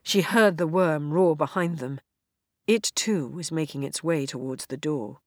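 A woman narrating an audiobook in a measured, expressive storytelling voice. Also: sits low, dry recording, studio quality. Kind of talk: audiobook reading.

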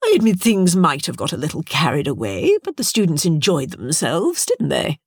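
A woman voicing a smug, composed gentleman academic who talks in a purring way. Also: sits low, huge pitch swings, moderate pace, breathy edge, no room sound, clean studio sound, exaggerated voice.

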